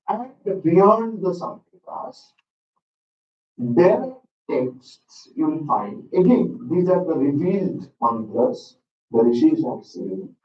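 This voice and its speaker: A man with an Indian English accent lectures a class at a slow, unhurried pace, his voice sitting a little high. He is picked up by a distant microphone in a roomy hall, so the sound comes out echoey and dull. A light hum of ambience sits under his words. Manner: slow, deliberate teaching with frequent "okay" and repetition. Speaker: lecturer on Sanskrit texts. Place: school hall.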